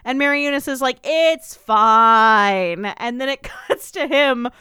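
A woman's voice: high voice, flat delivery, normal speed, fairly bright tone, no room sound, clean studio sound. A young woman casually and sarcastically recapping a TV episode as a podcast co-host, with a loose, profane way of talking. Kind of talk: casual chat.

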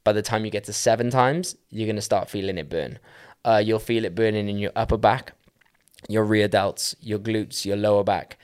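A man's voice: on the low side, steady tone, normal speed, darkish tone, clean tone. A man hosting a podcast, casually walking through dance fitness exercises step by step with lots of "like" and "um". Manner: chatty, with fillers like "like" and "um".

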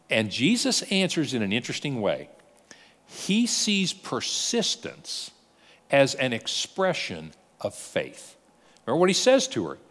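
A man's voice: medium pitch, moderate pace, long reverb tail. A male pastor preaching a sermon, retelling stories and throwing rhetorical questions to his congregation. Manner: animated storytelling with rhetorical questions.

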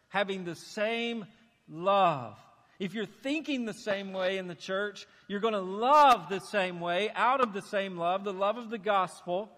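A man preaching a sermon in a church, animated and acting out the voices he quotes. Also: high-pitched. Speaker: pastor. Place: church sanctuary. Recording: long hall reverb.

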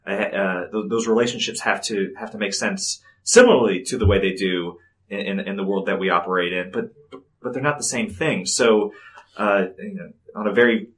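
A man's voice: lowish voice, fairly even intonation, normal speed, a bit bright, low-quality recording. A man who teaches writing workshops, speaking thoughtfully on a panel and often repeating words as he builds his point. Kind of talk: panel discussion.

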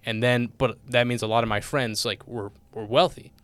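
Man, young adult, from Illinois, smooth resonant voice, close dry sound, casual profane storytelling. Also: medium pitch, moderate pace, no echo. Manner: animated, profane, acts out voices in anecdotes.

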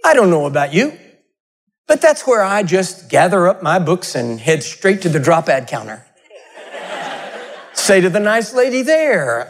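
A man's voice: high voice, very animated, measured pace, long pauses. A man preaching a sermon, telling funny stories in a conversational way. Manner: humorous storytelling, conversational.

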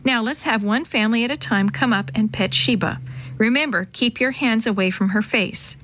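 A woman voicing a calm, firm male animal trainer who gives steady, cautioning instructions. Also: high-pitched, normal speed, a little hiss or hum. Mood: explaining. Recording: dry close sound.

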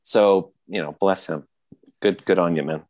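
Casting: lower-pitched man, casual podcast co-host, rambly and excitable. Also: unhurried. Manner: rambling, filler-heavy, excitable retelling. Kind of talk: casual chat.

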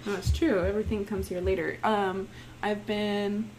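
A hoarse young woman, co-hosting a podcast, tells stories in animated, casual chat, laughing often and saying "like" a lot. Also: medium pitch, moderate pace, background noise. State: hoarse, strained voice. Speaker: podcast co-host.

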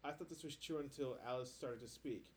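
A man in casual podcast chat at a middle pitch, reading posts aloud and then riffing on them. His talk is loose and rambling, with filler "like" scattered through it. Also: brisk, slight background noise. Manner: loose, chatty, leans on filler "like". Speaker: podcast co-host.

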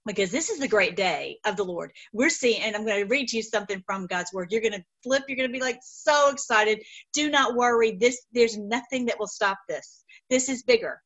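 A woman hosting a casual talk show, rambling excitedly with laughing asides. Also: fairly high pitch, brisk, muffled recording. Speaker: host. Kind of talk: casual political chat show.

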